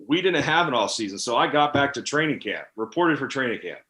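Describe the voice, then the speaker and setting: A man in his thirties, a former football player, telling candid stories from his career in a casual, animated interview. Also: medium pitch, fairly quick, echoey room. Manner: animated, candid storytelling with fillers. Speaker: podcast guest, former NFL tight end.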